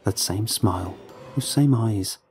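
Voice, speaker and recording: A man narrating a first-person horror story in a calm, measured, low-key way. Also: faint music behind.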